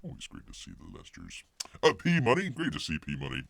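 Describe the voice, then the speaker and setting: A man's voice: very deep voice, huge pitch swings, brisk, gravelly, a bit bright. A middle-aged man hosting a casual live stream, rambling and joking, calling himself Bear in the third person. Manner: rambling, jokey, many fillers and restarts.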